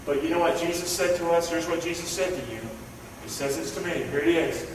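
High-voiced pastor preaching in an echoey hall. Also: male voice, brisk. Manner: fervent preaching with call-and-response. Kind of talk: sermon. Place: church. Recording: echoey hall from far off, noisy.

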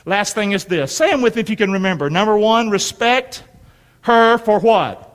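A middle-aged man serving as pastor gives an emphatic sermon, his high, animated voice moving at a moderate pace as he invites the congregation's replies. It was recorded in a church sanctuary with long hall reverb.

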